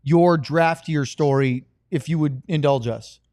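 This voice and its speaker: Man, podcast host, prompts the others, high voice, dry close sound. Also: a little mellow, dry recording. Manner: prompting others, drawn-out questions. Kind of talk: moderating casual chat.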